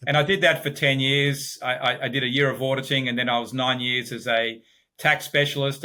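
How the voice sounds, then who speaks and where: A man's voice: mid-range voice, bright, forceful tone. A middle-aged man with an Australian accent, a podcast guest telling his career story reflectively, often repeating words as he starts. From Sydney, Australia. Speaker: guest, business founder. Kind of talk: podcast interview.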